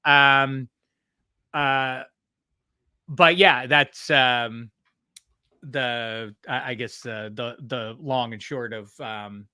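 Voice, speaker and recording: A man from the Pittsburgh area, a guest on a football podcast, talking in a rambling, animated way about teams and accents. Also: mid-range voice, slow, no echo, clean studio sound. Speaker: guest commentator. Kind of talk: casual podcast chat.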